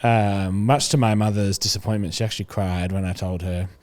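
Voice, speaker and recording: A man's voice: low-pitched, steady tone, brisk, darkish tone, a little hiss or hum. A young man, a podcast guest, talking casually and rambling with lots of fillers. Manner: chatty, rambling with many fillers. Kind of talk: casual chat.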